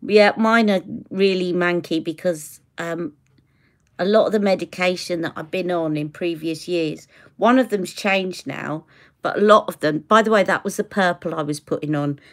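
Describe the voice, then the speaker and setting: Chatting through a live makeup tutorial, a beauty vlogger from the United Kingdom speaks in a lowish voice at a moderate pace, laughing and drifting into tangents along the way.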